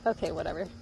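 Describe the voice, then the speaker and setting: A woman's voice: fairly low pitch, gravelly, slight background noise. A woman casually coaching her pet fox through tricks, coaxing and laughing as she goes. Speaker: pet owner. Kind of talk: casual pet training commentary.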